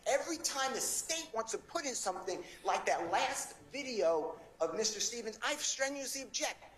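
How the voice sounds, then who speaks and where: A male defense attorney with a very high, animated and slightly bright voice argues before a judge at a normal speed. He is impassioned, insistent and pleading, in an echoey courtroom with faint ambience.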